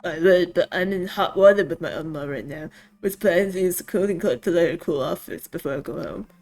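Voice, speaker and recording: A woman's voice: fairly low pitch, fairly quick, darkish tone, lightly acted. A woman reading as a blunt prickly girl. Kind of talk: reading game dialogue aloud.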